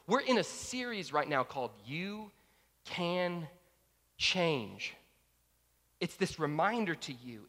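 Lively, bright-voiced male preacher. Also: high-pitched, in a large hall. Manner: animated storytelling, acts out dialogue. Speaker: pastor. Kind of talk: sermon with personal story.

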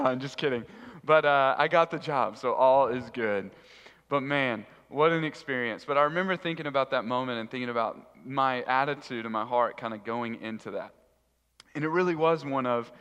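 A man giving a sermon, telling a funny story in an animated, humorous way. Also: fairly high pitch. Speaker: youth pastor. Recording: reverberant hall.

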